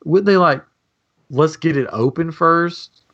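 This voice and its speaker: A man's voice: on the high side, slow pace, highs cut off. A man from Tennessee, joking around in casual chat as a podcast co-host. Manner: animated, joking, laughs easily.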